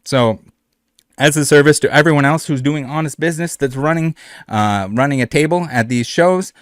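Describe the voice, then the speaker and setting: A man's voice: fairly high pitch, moderate pace, dry recording, clean studio sound. A man hosting a reaction commentary who speaks in a blunt, indignant way and swears often. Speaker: channel host.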